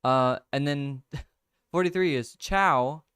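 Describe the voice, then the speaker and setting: Slow, laid-back man streaming a crossword. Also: a little high, clean tone, no echo, studio quality. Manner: thinks out loud, laughs often, reads viewer comments. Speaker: livestream host. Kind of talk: casual chat, solving a crossword with chat.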